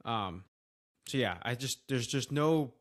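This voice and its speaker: A man's voice: mid-range voice, expressive, slow. A man co-hosting a podcast, talking in a thoughtful, rambling, slightly hesitant way. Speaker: podcast co-host. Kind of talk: casual podcast chat.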